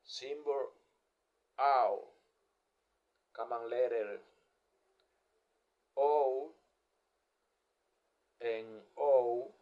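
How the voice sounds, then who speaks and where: A man reads out a pronunciation lesson in short, measured pieces, pausing after nearly every word. His pace is extremely slow and deliberate, and his pitch sits in an ordinary middle range. The recording sounds a little dull and muffled. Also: steady tone. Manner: deliberate, one word or phrase at a time. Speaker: English pronunciation teacher. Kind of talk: slow scripted lesson narration.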